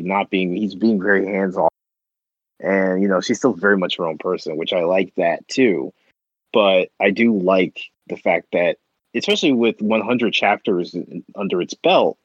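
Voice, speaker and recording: A man's voice: on the low side, no echo, lo-fi sound. A man in a casual chat, rambling with many restarts and fillers, as a podcast co-host.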